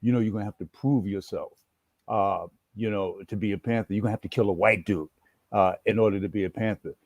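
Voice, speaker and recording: A man voicing an older teenage boy from the street, cocky and menacing, who speaks in a low, hushed, matter-of-fact way. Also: quick pace, no echo, studio quality.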